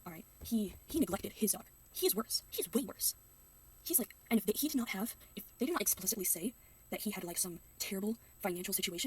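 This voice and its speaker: A woman's voice: mid-range voice, expressive, fast talker, husky, far from the mic. A young woman reacting to a video in casual commentary, ranting sarcastically and slipping into mocking voices. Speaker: reaction youtuber.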